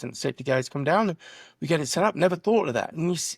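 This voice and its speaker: Animated middle-aged man telling stories. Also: a little high, quick pace, creaky, no room sound, clean studio sound. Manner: animated storyteller acting out dialogue. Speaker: guest, drone business founder. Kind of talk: podcast interview.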